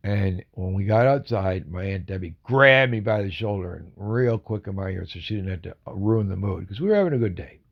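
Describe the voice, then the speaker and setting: A man rambling through a casual story with lots of asides, gravelly and a bit raspy. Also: low-pitched, animated, brisk, hardly any pauses, muffled recording.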